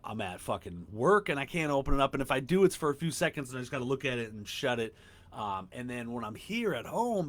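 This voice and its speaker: A man in his thirties hosting a casual solo podcast from home, rambling, swearing and getting excited. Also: mid-range voice. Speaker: podcast host. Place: home room.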